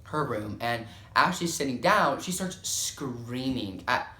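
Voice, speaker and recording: A man's voice: mid-range voice, lively intonation, takes it slowly, pushed and bright, reverberant. A young man telling a dramatic storytime, swearing often and filling gaps with "like.". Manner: profane, dramatic, filler-heavy storytelling. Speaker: storytime vlogger. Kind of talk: casual storytime.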